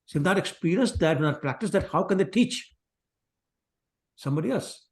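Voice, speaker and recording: A man's voice: high-pitched, expressive, moderate pace. A man teaching a scripture class, telling the stories in a casual, digressive way and acting out the quotes. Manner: conversational, digressive, acts out quotes. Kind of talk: scripture class lecture with storytelling.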